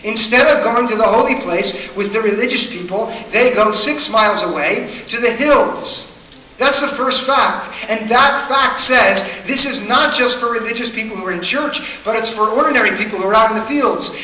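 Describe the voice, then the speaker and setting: A man's voice: sits high, normal speed, pushed and bright, a little hiss or hum. A man preaching a sermon to a congregation, earnest and questioning, building his points through repetition. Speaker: pastor. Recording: echoey hall, mic at a distance.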